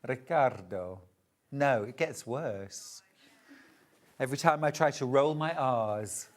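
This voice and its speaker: A man's voice: medium pitch, takes it slowly. A man presenting fabrics on a live home shopping show, chatty and full of enthusiasm.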